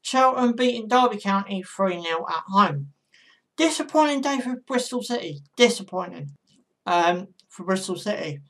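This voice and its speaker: A woman's voice: medium pitch, animated, normal speed, fairly bright tone. Chatty woman giving football predictions. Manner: chatty, speaks straight to viewers. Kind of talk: casual predictions monologue.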